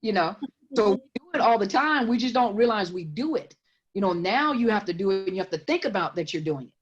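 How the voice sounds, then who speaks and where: A woman's voice: mid-range voice, expressive, brisk, husky. A woman counselor giving emphatic explanations in an interview, often repeating words as she builds her point. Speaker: guest counselor. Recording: dull lo-fi audio.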